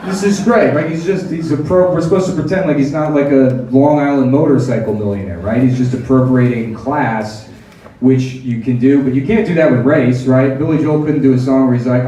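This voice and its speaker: A man's voice: medium pitch, animated. Sardonic male stand-up in an echoey club. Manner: sardonic, acts out quick mock voices. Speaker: stand-up comedian. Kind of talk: stand-up comedy set. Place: comedy club stage with audience laughing. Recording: echoey live room, heard from a distance, crowd laughter. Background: audience laughter.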